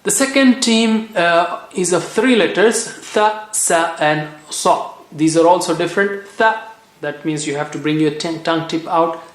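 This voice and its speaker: A man from Asia, teaching Quran reading in a patient way and repeating each sound slowly for practice. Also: on the high side. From South Asia. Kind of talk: recorded language lesson. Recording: echoey room.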